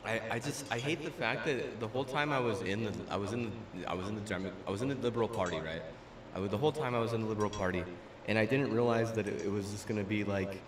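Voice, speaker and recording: A man's voice: on the low side, quick pace. A young man ranting casually and profanely while streaming a game, full of fillers and restarts. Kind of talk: casual rant while gaming. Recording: roomy, distant mic with faint room noise.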